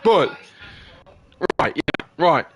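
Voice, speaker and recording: A man's voice: a little high, very animated, drawn-out words. A man arguing heatedly in casual chat, swearing often and tripping over his words. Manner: heated, swears freely, stumbles and repeats himself.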